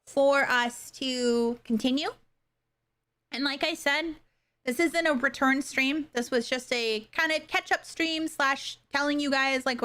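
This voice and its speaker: Talking casually to the people watching her livestream, this young adult woman streamer has a voice that sits high. Her speech is soft and halting, full of pauses and filler words.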